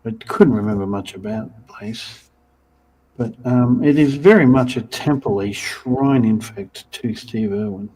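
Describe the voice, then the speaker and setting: A chatty Australian man co-hosting a livestream, dry-humoured and hesitating now and then. His voice is mellow and slightly husky. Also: mid-range voice, measured pace, far from the mic, rough recording. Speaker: co-host. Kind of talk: casual livestream chat.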